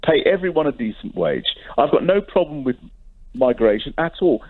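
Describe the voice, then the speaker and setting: A man's voice: on the high side, animated, moderate pace. A man calling in to a radio show, ranting and rambling in despair. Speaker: caller. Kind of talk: phone-in call. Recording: tinny phone line.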